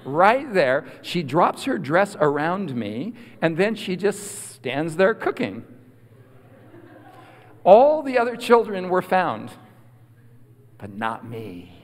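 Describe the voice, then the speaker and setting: A man preaching a storytelling sermon, animated and swinging from loud to hushed. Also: high-pitched, takes it slowly, pauses often. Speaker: guest preacher. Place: large hall at a school prayer week. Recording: long hall reverb.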